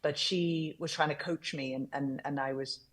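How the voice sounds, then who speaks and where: A woman's voice: low voice, normal speed. A woman from Ireland with an accent mixing Irish, British and transatlantic sounds, talking candidly as a guest over a video call. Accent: mixed Irish, British and transatlantic. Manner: candid and animated, with fillers and restarts. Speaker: war reporter and author guest. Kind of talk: conversational interview.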